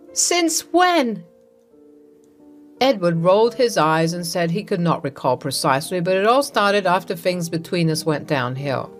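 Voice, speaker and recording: Woman storyteller, scripted first-person narration, lively pitch, soft music under.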